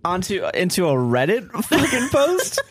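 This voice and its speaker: A man's voice: sits high, huge pitch swings, measured pace, husky, dry recording. A young man co-hosting a podcast in casual, mocking, profane banter, full of bro and dude. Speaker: podcast co-host. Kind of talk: casual chat.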